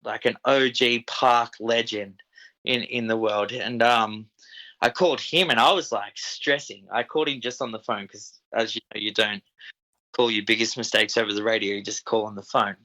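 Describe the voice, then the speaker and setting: Laid-back Australian man, bright voice. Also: fairly low pitch, fairly even intonation, normal speed, low-quality recording. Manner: laid-back, swears often, frequent "dude" and "man". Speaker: podcast guest, equipment operator. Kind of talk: casual storytelling.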